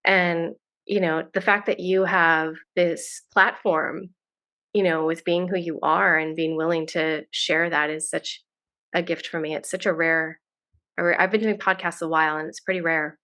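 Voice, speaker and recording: A woman's voice: on the low side, fairly even intonation, moderate pace, pushed and bright. A woman guest on a podcast, talking in a casual, effusive way with many restarts. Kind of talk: casual interview chat.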